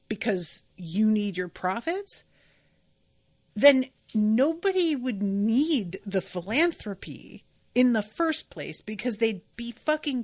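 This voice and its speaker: A woman's voice: medium pitch, no echo. A woman hosting a casual book-reaction podcast, talking emphatically and swearing freely as she rants. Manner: ranting, heated. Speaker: podcast host.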